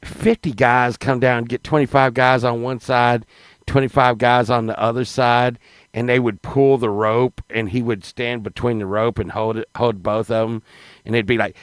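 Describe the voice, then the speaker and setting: A man telling a rambling, profane comic story, swinging between loud excited bursts and low mutters. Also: moderate pace, clean tone, dry recording, poor audio. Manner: profane, rambling, animated, with sudden drops to mutters.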